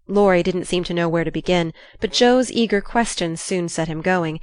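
A woman narrates a classic novel with an expressive, storytelling delivery. Her voice sits on the lower side and is recorded close and dry, with no room sound. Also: moderate pace, few pauses, smooth, no echo. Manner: expressive, lively dialogue delivery. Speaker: audiobook narrator. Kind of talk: scripted narration with character voices.

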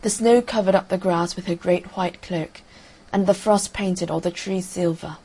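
A woman narrating a fairy tale audiobook in a calm, measured storytelling manner. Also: on the low side, breathy edge, low-quality recording.

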